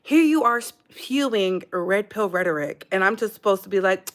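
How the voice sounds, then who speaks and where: A woman's voice: mid-range voice, animated, moderate pace, few pauses. An American woman hosting a casual commentary channel, talking in a sassy, emphatic way and calling her listeners "baby.".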